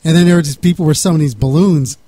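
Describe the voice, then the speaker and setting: A man's voice: on the high side, fast, dark tone, husky, dry recording. A man co-hosting a radio show, telling a rambling anecdote with frequent chuckles. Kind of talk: casual storytelling on radio.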